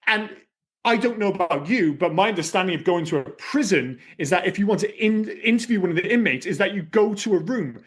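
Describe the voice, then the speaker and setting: A man's voice: high-pitched, lively intonation, fairly quick, a bit bright. A man on a film podcast, ranting and swearing casually as he picks apart a movie. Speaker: podcast host. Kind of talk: casual film-review chat.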